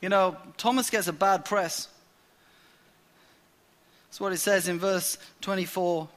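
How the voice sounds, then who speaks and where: A preacher delivers a sermon in a bright, ringing voice. He tells the story with lively energy and acts out what the characters say. His voice carries a long reverb from a large hall. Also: sits high, measured pace.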